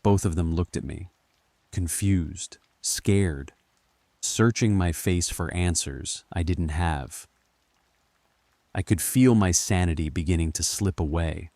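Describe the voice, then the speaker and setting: A man narrating a scripted horror story in a calm, measured first-person telling. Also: low voice, dry recording.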